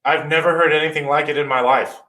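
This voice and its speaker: A man in a casual podcast chat, ranting in an animated, lively way as he tells stories. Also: fairly high pitch, fast. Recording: roomy distant mic with faint noise.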